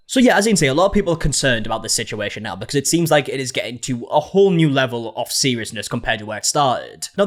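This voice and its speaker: A man hosting an online drama commentary, recapping events and reading comments aloud in a conversational way. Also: mid-range voice. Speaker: commentary host.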